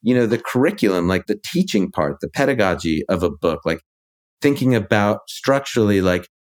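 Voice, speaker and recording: Reflective male author, lowish voice. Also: very animated, brisk. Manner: reflective, talks through ideas with many fillers. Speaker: ghostwriter and author, guest. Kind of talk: casual conversation.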